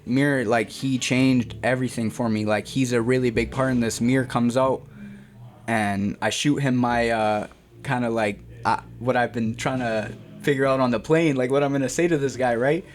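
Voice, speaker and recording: This young Canadian man has a medium-pitched voice and speaks at normal speed. A boxer, he tells his story in a casual, slang-heavy interview, animated throughout and repeatedly calling the host "bro."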